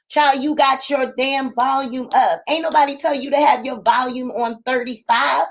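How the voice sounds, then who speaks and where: A woman hosting her own channel, chatting casually and sassily to viewers and her dog in a loud, high-pitched voice. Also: normal speed, few pauses. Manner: animated, sassy, talks to her dog and chat. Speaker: channel host.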